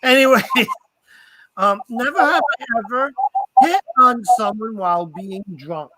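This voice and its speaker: A male host in casual chat, excitable and quick to laugh. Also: extremely high pitch, no echo, poor audio.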